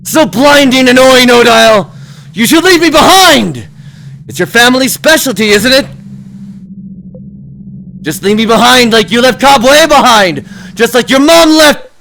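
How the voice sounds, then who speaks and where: Man doing young traveler, anguished, yelling, high voice, wild swings. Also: lively intonation, measured pace, gravelly, long pauses, slight background noise, full character voice. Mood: furious yelling. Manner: yelling, bitter.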